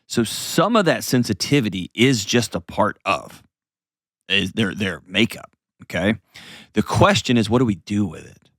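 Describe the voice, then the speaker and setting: A man's voice: lowish voice, lively intonation, moderate pace, a bit bright, no room sound, studio quality. A man hosting an advice show, explaining casually to a caller with acted-out examples and frequent "right?" checks.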